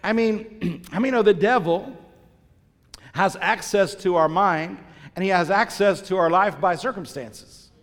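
A man's voice: high voice, a little slow, a bit bright. A man preaching a sermon, emphatic, repeating phrases and asking the congregation questions. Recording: long reverb of a large church hall.

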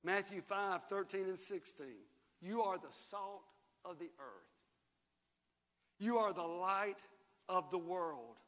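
Older male pastor, bright high voice. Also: takes it slowly. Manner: preaching, reads scripture aloud and has the crowd repeat after him. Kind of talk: sermon. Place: large church hall. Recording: long hall reverb, faint music.

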